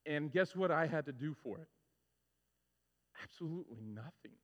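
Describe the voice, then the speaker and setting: A male pastor preaching a sermon, telling stories with lively, animated delivery and acting out his own frustrations. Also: fairly high pitch, normal speed. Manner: animated storytelling, acts out his own complaints. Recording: muffled sound with long hall reverb.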